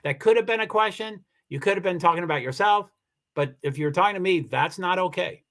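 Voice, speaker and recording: A man with a slightly higher voice hosts a casual livestream over a computer mic. He rambles and restarts his sentences as he answers viewer comments, upset and close to tears. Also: fairly quick, fairly bright tone. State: emotional, near tears. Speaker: livestream host. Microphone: computer mic for a live stream.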